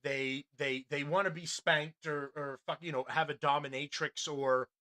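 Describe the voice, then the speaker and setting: A male podcast host talks in a loose, rambling way, full of restarts and blunt profanity. His voice has a bright, forward edge. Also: a little high, steady tone, moderate pace. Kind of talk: casual commentary on a news clip.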